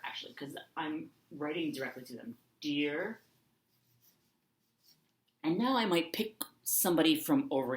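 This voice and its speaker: A low-voiced woman teaches young children, her pitch rising and falling a lot. She speaks slowly, saying each word aloud as she writes it. The sound carries a roomy echo. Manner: slow, dictating aloud while writing. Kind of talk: online lesson for children.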